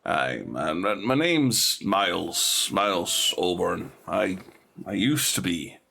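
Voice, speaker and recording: A man's voice: low voice, animated, slow pace, creaky, sharp tone, heavily acted. A man voicing a polite, hesitant farmer and former soldier. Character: honest middle-aged male farmer and ex-soldier.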